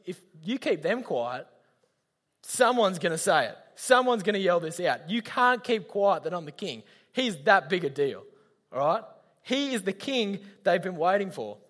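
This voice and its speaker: Aussie guy, young, high voice, casual slangy youth talk, long echo in a big hall. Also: a bit bright. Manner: chatty, slangy, addresses audience directly. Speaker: youth leader.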